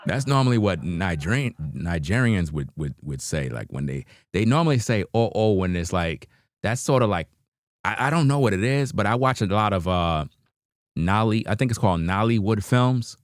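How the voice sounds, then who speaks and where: A deep-voiced man from New York hosts a livestream, reacting to videos in casual, animated chat at a moderate pace. The studio sound is clean with no room sound, and he uses laid-back slang, chuckles, and often says "you know what I mean."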